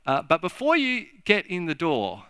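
A man preaching a sermon in a halting, repetitive way, acting out little scenes as he talks. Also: fairly high pitch, wildly swooping pitch, sharp tone, clear, resonant tone, no echo. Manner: halting, repeats words, acts out little scenes. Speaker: pastor. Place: church.

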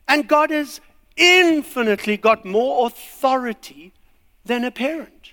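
A man's voice: extremely high pitch, slow pace, a bit bright. A man preaching a sermon, acting out little scenes and voices as he goes. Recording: long hall reverb.

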